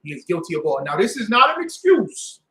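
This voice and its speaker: A high-pitched man leads a Sabbath class like a preacher, firing rhetorical questions and pulling answers from the room. His voice rings around a reverberant space, with a lively, pressing delivery. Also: brisk, background noise. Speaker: religious class teacher. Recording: echoey room.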